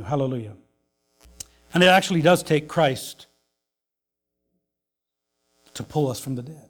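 A male pastor preaching a sermon, swinging between emphatic loud lines and hushed soft ones. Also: fairly high pitch, expressive, a little slow, pauses often.

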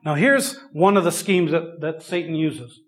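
A man's voice: a little high, a little slow, a bit bright. A man preaching a sermon, reading scripture aloud and speaking emphatically, often repeating himself and restarting sentences. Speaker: pastor.

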